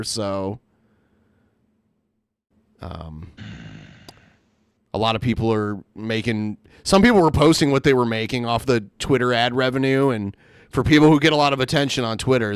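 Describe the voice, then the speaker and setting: A man co-hosting a casual podcast, rambling through his points and slipping into mocking imitations. His voice sits at an ordinary pitch in a dry, close recording. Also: smooth, no room sound. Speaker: podcast co-host. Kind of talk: casual commentary chat.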